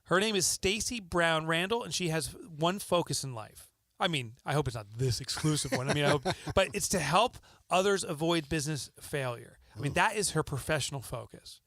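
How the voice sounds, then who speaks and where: A man with a New Jersey accent hosts a podcast in a loose, joking, chatty style. His voice sits fairly high for a man. The studio sound is close and dry. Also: expressive, a little fast, a bit bright, no room sound. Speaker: podcast host. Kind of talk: conversational podcast hosting.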